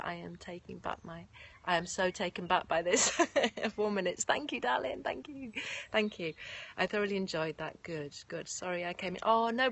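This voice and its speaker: A woman, a yoga nidra teacher, chatting effusively with viewers on a live stream from outdoors and thanking them by name. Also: on the low side. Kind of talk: live-stream chat after a guided meditation. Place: outdoors in nature. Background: faint birds and distant sirens.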